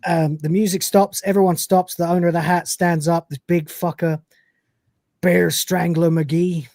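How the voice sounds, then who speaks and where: A man's voice: fairly high pitch, flat delivery, moderate pace, darkish tone, no echo. A man hosting a podcast, recapping a TV episode in a chatty, rambling way and laughing often. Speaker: podcast host.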